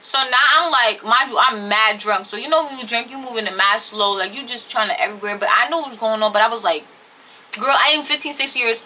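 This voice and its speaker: Bright, blunt young woman storyteller. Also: on the high side, slight background noise. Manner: blunt, profane, animated retelling. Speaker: storytelling vlogger. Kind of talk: casual storytime.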